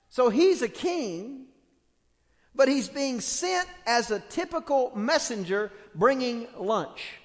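A male pastor preaching a sermon, telling stories with lively acted-out quotes. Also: very high-pitched, moderate pace. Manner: animated storytelling with acted quotes. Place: church. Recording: long hall reverb.

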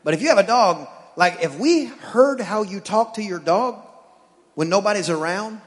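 A man's voice: high-pitched, animated, normal speed. A man preaching a sermon, telling jokes and acting out the voices in his stories. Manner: joking storyteller, acts out dialogue. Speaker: pastor. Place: church sanctuary. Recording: long reverb of a church hall.

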